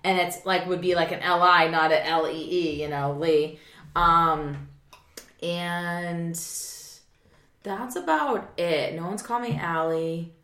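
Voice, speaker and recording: Middle-aged female podcast co-host, casual and animated, slightly low voice, echoey room. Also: slow pace. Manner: animated, swings up loud when mimicking people. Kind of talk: casual chat.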